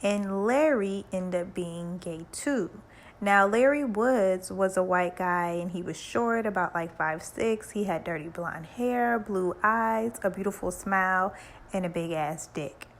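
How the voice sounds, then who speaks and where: A woman's voice: mid-range voice, a little slow. A woman casually retelling a book in slangy, conversational language. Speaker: book summary narrator.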